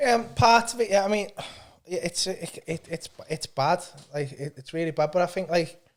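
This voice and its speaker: A man's voice: high voice, animated, moderate pace. Self-deprecating comedian man chatting. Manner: self-deprecating, jokey storytelling. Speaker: comedian guest. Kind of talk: casual chat.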